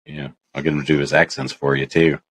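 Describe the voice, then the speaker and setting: A man's voice: very deep voice, flat delivery, quick pace, fairly bright tone, a little hiss or hum. A man co-hosting a podcast in casual chat, making dry, wry quips. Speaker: podcast co-host.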